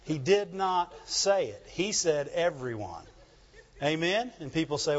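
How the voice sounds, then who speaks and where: In a slightly dull, lo-fi recording, a male pastor with a high voice preaches a sermon a little slowly, with animated call-and-response delivery.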